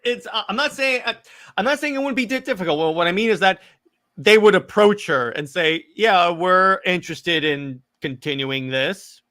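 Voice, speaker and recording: A man co-hosting a podcast, talking excitedly in casual chat, rambling with lots of restarts and stammers. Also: high voice, brisk. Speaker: podcast co-host.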